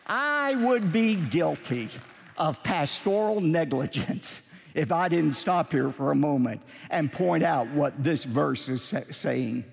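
A man preaching a sermon as pastor, emphatic, moving between slow measured points and shouted declarations. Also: on the high side, creaky, in a large hall.

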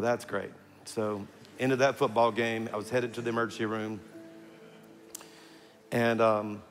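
A middle-aged man preaches to a congregation, spinning a family story with jokes and acted-out voices. His voice rings with the long reverb of a large hall. Soft music plays faintly underneath. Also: medium pitch. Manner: storytelling, humorous asides, acts out quoted voices. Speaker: pastor. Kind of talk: sermon with personal story.

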